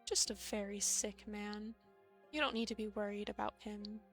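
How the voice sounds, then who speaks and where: A woman's voice: mid-range voice, little pitch movement, faint music behind, close to an everyday voice. A woman playing a gracious, knowing older lady. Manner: gentle, polite, unhurried.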